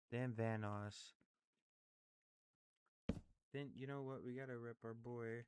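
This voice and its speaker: A man's voice: fairly low pitch, fairly bright tone, clean tone, dry recording. A man in casual rambling commentary, thinking aloud and apologizing often as he ranks favorite creators, full of fillers and restarts. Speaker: YouTuber ranking favorite creators.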